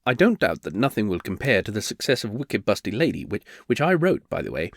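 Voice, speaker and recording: A man's voice: lowish voice, very animated, brisk, vocal fry, dry recording, studio quality, heavily acted. A man voicing a flustered male bard turned reluctant duke, who stammers and hesitates nervously.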